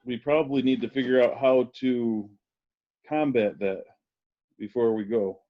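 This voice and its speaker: A man's voice: mid-range voice, steady tone, measured pace. Thoughtful male player on a dull line. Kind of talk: casual game table chat.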